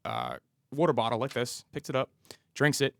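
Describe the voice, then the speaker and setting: A man in his thirties tells a story from his work as a police officer, slipping into the voices of the people in it. His voice has a gravelly, creaky edge and is recorded close and dry, with no room sound. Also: mid-range voice, wildly swooping pitch, moderate pace, no room sound. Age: 30s. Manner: vivid storyteller who acts out the dialogue. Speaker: police officer, podcast guest. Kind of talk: storytelling interview.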